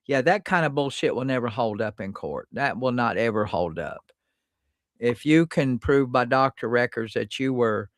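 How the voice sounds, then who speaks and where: Male live-stream host, mid-pitched, hammers points home by repeating words. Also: no room sound, studio quality. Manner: blunt, emphatic, repeats words for stress. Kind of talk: live-stream legal Q&A chat.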